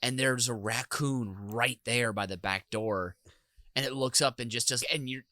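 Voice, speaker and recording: A man hosting a podcast, telling animated and profane stories in casual chat. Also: mid-range voice, normal speed, dry recording. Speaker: podcast host.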